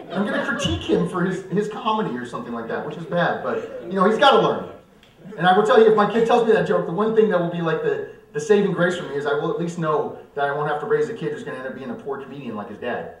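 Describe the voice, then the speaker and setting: A young man performing live stand-up comedy, self-mocking and animated. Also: sits high, quick pace. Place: church coffeehouse stage. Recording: roomy hall, mic far off.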